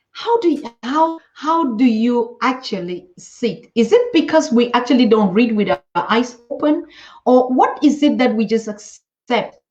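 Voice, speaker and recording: Slow-talking woman host, dull sound. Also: on the high side, animated, darkish tone. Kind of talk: interview chat.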